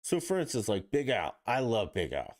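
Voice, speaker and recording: Low-voiced man ranting on a podcast. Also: huge pitch swings, moderate pace. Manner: ranting, profane, exasperated. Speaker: podcast host. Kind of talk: solo sports rant podcast.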